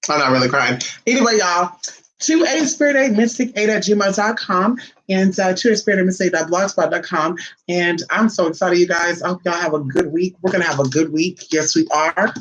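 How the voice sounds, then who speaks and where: A woman talking casually to her viewers in a sassy, profane monologue, full of drawn-out teasing asides. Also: on the low side, rough recording. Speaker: spiritual vlogger.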